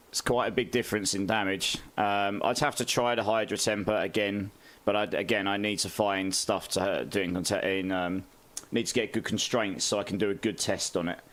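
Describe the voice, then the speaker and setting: Casual male streamer, lower voice, friendly chat and frequent laughs. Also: fairly bright tone. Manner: chatty, greets chat, laughs often. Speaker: game streamer.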